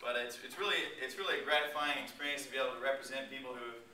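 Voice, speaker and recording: Bright, quick young man. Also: mid-range voice, steady tone. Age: young adult. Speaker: student speaker. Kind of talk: informal presentation to a group. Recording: echoey room, far from mic.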